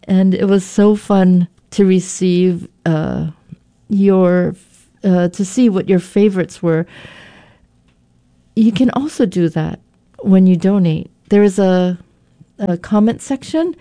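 A woman's voice: fairly low pitch, slow pace, warm tone. A woman hosting a public radio pledge drive in a studio, chatty and upbeat, with a few fillers as she gives the number.

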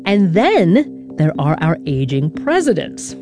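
A woman hosting a radio news show, reading a scripted narration in a measured, deliberate way with dramatic pauses. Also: lowish voice, big pitch swings, over music.

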